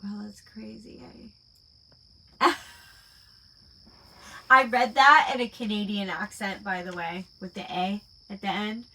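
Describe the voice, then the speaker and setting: Slow, bright-voiced chatty woman. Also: medium pitch, fairly even intonation, poor audio. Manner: rambling, full of "like" and "um". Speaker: online shop owner hosting a live chat stream. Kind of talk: casual late-night chat.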